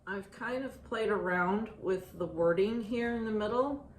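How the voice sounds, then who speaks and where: Slow, chatty woman in an echoey room. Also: medium pitch. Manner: chatty, halting, many restarts and ums. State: out of breath. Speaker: stitching vlogger. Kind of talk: casual show-and-tell chat. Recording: echoey room, faint ambient noise.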